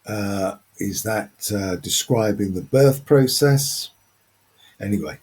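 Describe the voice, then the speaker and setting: A man talks his way through a literary passage at an unhurried, deliberate pace, pausing often on fillers as he explains. His voice sits low and has a husky edge. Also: animated, darkish tone. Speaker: literature presenter. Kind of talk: unscripted close-reading commentary.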